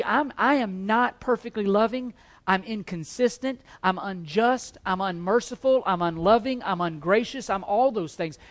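A male pastor preaching a sermon. He repeats lines for emphasis, swings between loud stresses and quiet ones, and stumbles over words at times. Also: sits high. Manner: emphatic and repetitive, building to loud stresses then dropping quiet.

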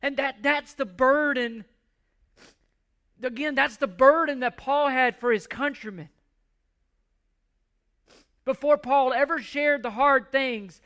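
High, bright-voiced man preaching earnestly. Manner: earnest, pleading, repeats words as he restarts. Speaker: pastor. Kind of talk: sermon.

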